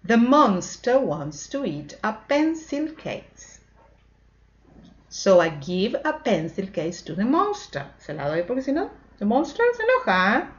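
Woman, English teacher for kids, slow sing-song delivery, mid pitch, muffled lo-fi recording. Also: big pitch swings. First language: Spanish. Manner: sing-song, mixing Spanish and English, drawn-out repetitions. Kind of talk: children's English lesson. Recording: dull lo-fi recording.

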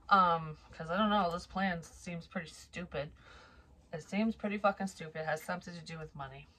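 A woman's voice: fairly low pitch, a bit bright, a little hiss or hum. A young adult woman giving a psychic reading in a loose, rambling and profane way, with an occasional cough. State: occasional cough, slightly wheezy. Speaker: psychic reader. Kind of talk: tarot reading monologue.

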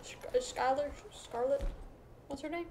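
A young woman streams a game, chatting and joking playfully with her viewers. Her voice is high, and a faint noise sits behind her. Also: a little slow, a little mellow. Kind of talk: casual live-stream commentary.

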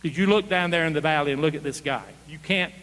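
A man's voice: fairly high pitch, fast, fairly bright tone, natural voice. A man voicing a worried king who cannot believe a boy wants to fight. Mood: incredulous. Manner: incredulous, pleading questions. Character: worried older male king, incredulous. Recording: long church hall reverb.

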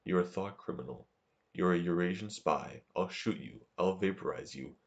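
A vicious little boy who yells threats and accusations in a storybook scene, as a man reading aloud gives him voice. The voice sits deep and low, with barely any change from the reader's own. The delivery is read, not fully acted. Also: normal speed, muffled recording. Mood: menacing. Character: menacing small boy playing at spy-catching.

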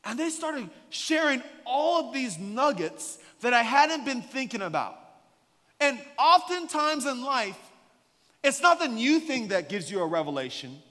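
A man preaching a sermon as a guest pastor, an animated, joking storyteller. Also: very high-pitched, unhurried, long reverb tail. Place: church sanctuary.

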